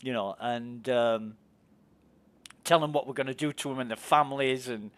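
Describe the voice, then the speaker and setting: A man's voice: mid-range voice, moderate pace, fairly bright tone, clear, resonant tone. An English man with an English accent, chatting casually and telling rambling stories while streaming a game. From England. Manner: chatty, rambling storyteller, swears freely, laughs easily. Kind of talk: casual chat while gaming.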